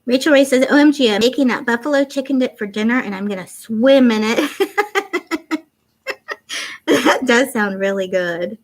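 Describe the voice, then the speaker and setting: A tired, goofy woman in her fifties hosts a livestream, chatting, giggling, and reading viewer comments. Her voice is on the high side, at normal speed with frequent pauses, and carries faint mixed Canadian and Southern traces.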